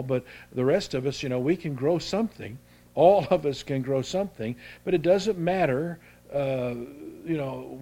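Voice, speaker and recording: An older pastor delivering a sermon in a folksy, conversational way. He stumbles and restarts often, and his voice sits at a middling pitch. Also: mellow. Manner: folksy, halting, with many restarts.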